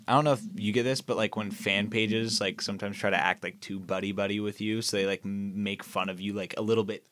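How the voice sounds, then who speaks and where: A man's voice: lowish voice, steady tone, fast, a bit bright, no room sound. A young man co-hosting a casual podcast, laid-back and blunt, swearing freely. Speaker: podcast co-host.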